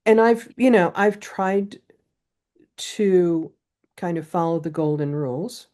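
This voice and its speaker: A woman's voice: on the low side, takes it slowly, mellow. A woman poet, a guest in a casual interview, telling stories in a chatty way. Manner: chatty storytelling.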